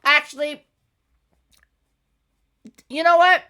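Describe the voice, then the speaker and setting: A woman's voice: high voice, fairly even intonation, slow pace, sharp tone. A woman hosting a casual podcast, talking in an exasperated rant and swearing freely. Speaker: podcast host.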